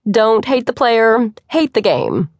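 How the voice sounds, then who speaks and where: A confident young woman construction boss, as a woman narrator acts her out, brisk and teasing, her voice lifting higher and brighter than the narration. She talks with quick, bossy warmth in a dry, close audiobook recording. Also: very animated, no room sound, exaggerated voice.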